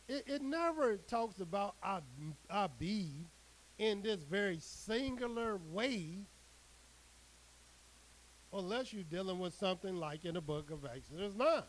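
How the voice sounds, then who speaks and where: A man preaching a sermon, reading scripture aloud and expounding on it with an emphatic, drawn-out cadence. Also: high voice, lively intonation, low-quality recording.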